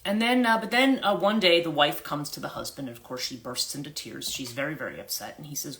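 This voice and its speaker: A woman's voice: sits low, a little fast, few pauses, a bit bright. A woman who works as a life coach, retelling a story in a rambling, casual livestream chat with many restarts and self-corrections.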